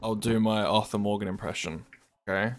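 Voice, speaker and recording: A young man, chatting casually and joking while playing a game, often swearing and getting excited. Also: on the low side, brisk, slight background noise. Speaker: gaming streamer.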